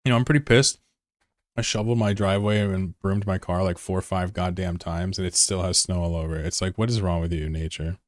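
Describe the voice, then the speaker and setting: A man chatting casually on a live game stream, excitable and swearing freely as he answers chat between calls. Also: low voice, brisk, dry recording, studio quality.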